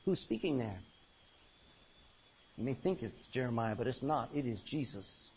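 A male preacher delivering a folksy, emphatic sermon that swings from loud to quiet and calls for amens. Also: mid-range voice, lively intonation, normal speed, long pauses, slightly rough. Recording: dull lo-fi recording.

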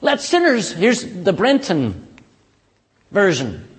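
High, lively preaching man in echoing church. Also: slow. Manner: animated, folksy, keeps asking the congregation "amen?". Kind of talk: sermon.

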